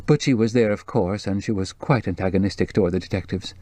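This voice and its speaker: A man reading the part of a jumpy, anxious young woman with a low, breathless voice in an audiobook. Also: fast talker, mellow, no echo, natural voice. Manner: nervous, jumpy, worried.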